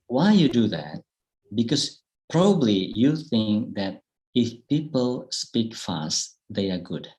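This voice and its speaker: A man with an Indonesian accent giving an online public speaking talk, speaking slowly and thoughtfully with frequent fillers and restarts. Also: lowish voice, big pitch swings, a little mellow, low-quality recording. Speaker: guest speaker. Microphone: video call.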